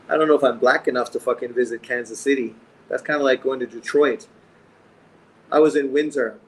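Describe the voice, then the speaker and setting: A middle-aged man from Canada hosts a casual boxing livestream and reads out comments. He talks in a blunt, joking way and swears nearly every sentence, at an ordinary pitch for a man. Faint room ambience hangs behind his voice. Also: slight background noise, low-quality recording. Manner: profane, blunt, joking banter. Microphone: streaming mic.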